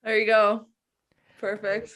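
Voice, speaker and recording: A woman co-hosting a podcast, friendly and upbeat, reacting quickly in casual chat. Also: mid-range voice, monotone, fairly bright tone. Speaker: podcast co-host.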